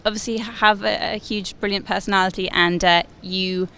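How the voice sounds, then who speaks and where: A woman's voice: medium pitch, fairly even intonation, brisk, bright, forceful tone, a little hiss or hum. A woman interviewing a rugby player, asking friendly questions with some hesitations.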